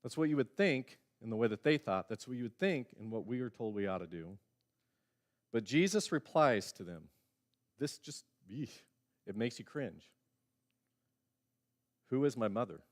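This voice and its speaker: A middle-aged man preaches a sermon in a church in a chatty, storytelling way, his voice sitting at an ordinary pitch. He slips into quoted lines and swings from loud bursts to quiet drops. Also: animated, moderate pace. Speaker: pastor. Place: church sanctuary.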